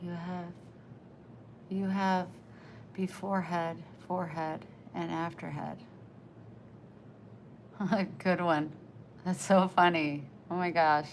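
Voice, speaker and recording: Woman livestreamer, American country twang, low gravelly voice, breathy and soft-spoken. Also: fairly even intonation, takes it slowly, pauses often, noisy background. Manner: soft-spoken, drifting into near-whispers. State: short of breath. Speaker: livestreamer reading chat. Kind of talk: casual live-stream chat.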